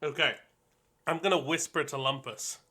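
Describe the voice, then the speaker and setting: Bright-voiced animated male player. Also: fairly high pitch, normal speed. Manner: animated, laughing storytelling. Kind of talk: tabletop game play.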